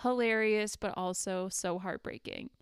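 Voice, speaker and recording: Chatty woman with a smooth voice. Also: medium pitch, unhurried, dry recording, clean studio sound. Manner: animated, lots of fillers and laughs. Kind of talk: casual chat about a TV show.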